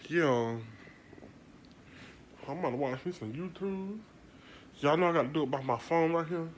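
A woman's voice: low voice, normal speed, a little hiss or hum. A woman vlogging at home into a phone camera, chatting casually to her viewers and sounding congested from sinus trouble. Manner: chatty, talks to viewers as y'all. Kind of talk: casual vlog chat to viewers.

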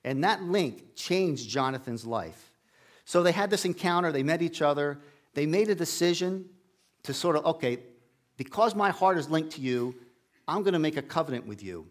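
His pitch fairly high and his delivery expressive, the same middle-aged preacher keeps a moderate pace through a casual sermon in the sanctuary. He tells the story in a folksy way and voices the Bible characters' lines loudly.

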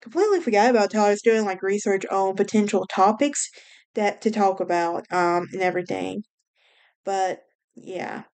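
A woman's voice: mid-range voice, normal speed, darkish tone. A woman from Alabama with a Southern US accent, hosting a casual solo podcast in a chatty, rambling way with wry asides and a mild speech impediment. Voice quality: self-described speech impediment. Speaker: podcast host.

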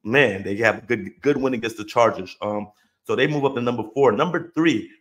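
A man of middle pitch hosting a sports talk podcast. He talks emphatically and casually, hammering points home by repeating phrases and dropping the odd curse. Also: a little fast, a bit bright. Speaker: podcast host.

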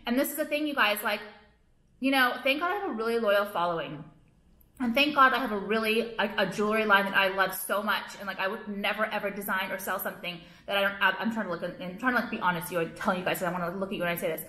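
A woman's voice: mid-range voice, fast, sharp tone. Rambling, profane young woman vlogging. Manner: rambling, heavy on "like", blunt and profane. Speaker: vlogger and jewelry line owner. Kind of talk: casual ranting vlog to camera. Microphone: camera, not phone. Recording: echoey room.

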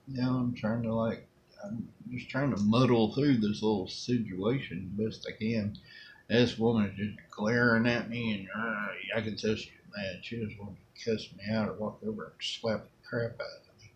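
A man's voice: fairly low pitch, steady tone, normal speed, highs cut off, a little hiss or hum. A middle-aged man with a Southern American accent telling a rambling personal story in a casual, folksy way. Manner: rambling, folksy, acts out quotes. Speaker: storyteller vlogger.

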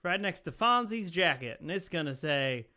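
A man's voice: on the high side, expressive, normal speed, pushed and bright. A man playing a blustering, self-serving billionaire businessman, in an online improv comedy show. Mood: boastful. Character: boastful, shifty billionaire businessman. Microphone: computer mic on a video call.

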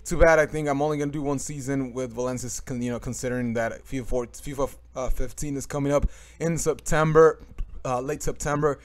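A young man with a mid-pitched voice talks through his football video game session. He rambles, restarts his sentences and fills gaps with "uh" and "you know" in casual commentary. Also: fairly even intonation, brisk. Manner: rambling, many fillers and restarts. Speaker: gaming commentator.

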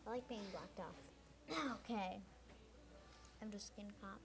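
Slow, muttering female gamer. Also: medium pitch, gravelly. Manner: slow, muttering running commentary to herself. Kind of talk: gameplay commentary. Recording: game noise behind.

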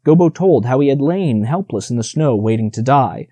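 A man reading a children's classic aloud as an audiobook narrator, with expressive storytelling. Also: medium pitch, normal speed, few pauses, slightly rough, no room sound.

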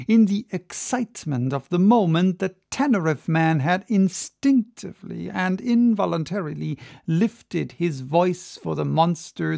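An audiobook reader narrating a classic sea story with measured, dramatic storytelling. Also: medium pitch, gravelly, darkish tone, no echo, studio quality. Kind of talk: audiobook reading.

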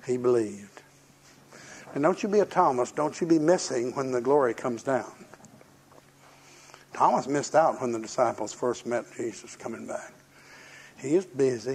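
A man's voice: medium pitch, breathy edge. An older man preaching a sermon in a folksy, storytelling way, acting out the voices of people in his stories.

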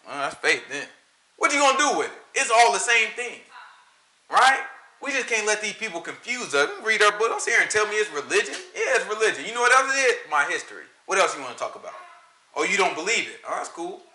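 Animated Southern man teaching scripture. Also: high voice, quick pace. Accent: US Southern country. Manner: animated, rhetorical questions, frequent laughter. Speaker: Bible study teacher. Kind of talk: informal Sabbath teaching. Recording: echoey room.

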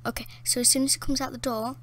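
Fast and high-pitched, a woman narrates her gameplay casually from a dark room at home, gasping, laughing and exclaiming excitedly. A little hiss or hum can be heard in the recording.

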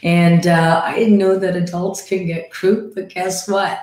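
A woman with a croaky, hoarse voice from croup, chatting casually with viewers on a live stream and greeting them by name. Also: fairly low pitch, level tone, measured pace, a little mellow, echoey room. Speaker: livestream host. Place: decorated home room.

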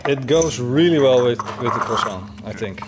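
A man's voice: mid-range voice, expressive, normal speed, heavy background noise. A playful man hosting a casual barbecue vlog, teasing and laughing. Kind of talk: casual chat. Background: music.

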